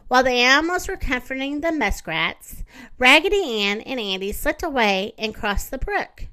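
A woman reading a children's story aloud, gentle and expressive. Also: high voice, moderate pace.

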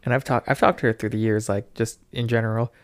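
A young man in casual chat, relaxed, asking short questions and sharing memories. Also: mid-range voice, fast, dry recording.

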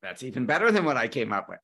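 A man's voice: mid-range voice, big pitch swings, a little fast, a bit bright. A man in his forties hosting a podcast, agreeable and enthusiastic as he shares stories about his marriage. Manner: enthusiastic, agreeable, tells personal anecdotes. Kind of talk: podcast conversation.

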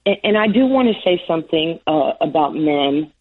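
A woman's voice: sits low, lively intonation, moderate pace, slightly rough. A woman in her sixties from New York, a former basketball player, telling stories in an interview, laughing often and acting out the voices of the people she quotes. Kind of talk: storytelling interview. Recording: tinny phone-line sound.

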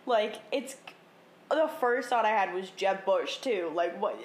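A young adult woman co-hosting a podcast in casual chat, quick to laugh and blunt, with free swearing. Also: mid-range voice, animated. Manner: giggly, blunt, swears freely. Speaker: podcast co-host. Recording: roomy echo.

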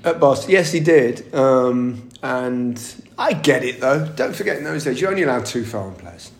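A man's voice: medium pitch, lively intonation, normal speed. A middle-aged man, a former footballer, telling chatty anecdotes in an interview, laughing often and restarting his sentences. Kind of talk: casual interview storytelling. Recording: echoey room.

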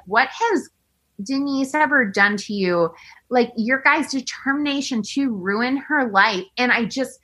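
A woman in casual chat, ranting fast and animated, full of fillers and swearing. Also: medium pitch, poor audio.

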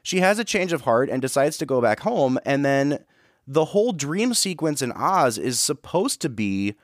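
A man's voice: mid-range voice, sing-song, moderate pace, no room sound, clean studio sound. A man co-hosting a film podcast, talking in an earnest, reflective way with frequent restarts. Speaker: podcast co-host. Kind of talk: casual film review chat.

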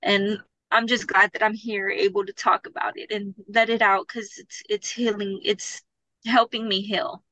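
A woman's voice: medium pitch, level tone, normal speed, bright, forceful tone, no room sound, rough recording. A woman guest on a podcast telling her personal story in an open, heartfelt way, sometimes close to tears. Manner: open, tearful at times, speaks from the heart. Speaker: guest, abuse survivor and book subject.

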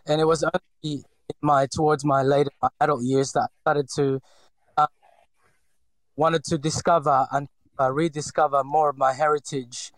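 A man's voice: fairly high pitch, level tone, moderate pace, dry recording, poor audio. Man, forties, slight Filipino accent, hesitant, fillers and restarts, personal interview, dry close sound. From Philippines. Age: 40s.

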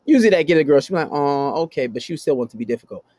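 A man's voice: sing-song, rapid-fire, a little mellow, slightly rough. A young man hosting a podcast, improvising a profane, casual story about dating. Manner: profane, storytelling, mimics voices in high pitch. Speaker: podcast host.

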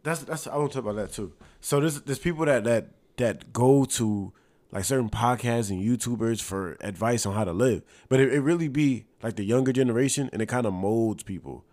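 A young man co-hosting a casual podcast chat with friends, loud and argumentative, laughing often. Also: medium pitch, brisk. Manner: boisterous, laughs often, argues back. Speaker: podcast co-host.

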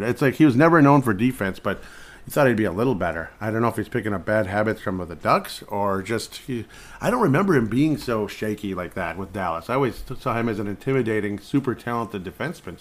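A man's voice: lowish voice, lively intonation, a little fast. A man hosting a podcast in casual sports chat, rambling along and chuckling between thoughts. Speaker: podcast host.

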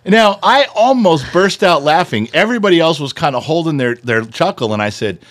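A middle-aged man co-hosting a casual talk show, telling stories in an animated way and swearing freely. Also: a little high, fairly quick. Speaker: podcast co-host. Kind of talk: casual chat.

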